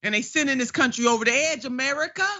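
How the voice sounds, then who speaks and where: A woman's voice: sits high, quick pace, sharp tone, highs cut off. A woman hosting a political commentary show, talking in an emphatic, folksy, preacher-like way. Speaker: show host.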